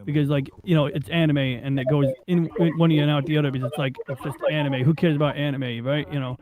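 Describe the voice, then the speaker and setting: New guy hosting a chill podcast, rambles off topic, swears a lot, voice sits a bit high. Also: level tone, fast, a crowd in the background, rough recording. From New York. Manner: rambling, digressive, swears freely, many fillers. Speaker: podcast host. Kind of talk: casual rambling chat.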